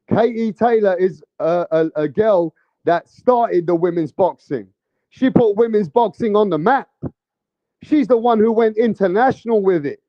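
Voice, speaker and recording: A man's voice: sits high, no room sound, lo-fi sound. A man giving casual vlog commentary on boxing, with a brash, profane, heated ranting manner.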